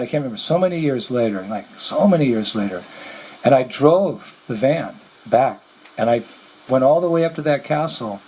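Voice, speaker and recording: A man's voice: medium pitch, low-quality recording. A man, a monk, telling a story to his listeners and acting out the dialogue as he goes. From United States. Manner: lively retelling with acted-out quoted dialogue. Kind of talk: storytelling lecture.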